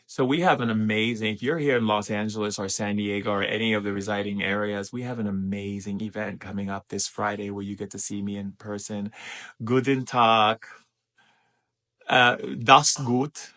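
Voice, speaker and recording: A man hosting a spiritual livestream who talks gently and affectionately to viewers and reads their chat messages aloud. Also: fairly low pitch, level tone, fairly quick, few pauses. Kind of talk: live-stream talk to viewers, reading chat.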